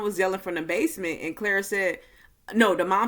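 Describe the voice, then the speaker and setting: A woman giving a casual movie recap and review, talking slowly and easily, with frequent fillers. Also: mid-range voice, a bit bright. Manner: slow, easygoing delivery with many fillers.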